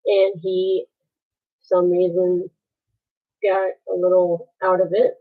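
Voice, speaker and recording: A woman telling a painful story on a live stream, halting and pausing as she goes. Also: medium pitch. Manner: halting, with many pauses and restarts. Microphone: phone. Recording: tinny phone-like sound.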